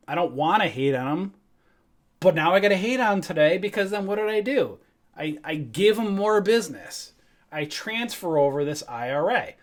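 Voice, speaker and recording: A middle-aged man with a slightly higher voice hosts a casual trading livestream. He rants with heat and swears freely, jumping into voiced quotes of his phone calls. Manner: animated, profane, ranting with voiced quotes. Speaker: trading show host.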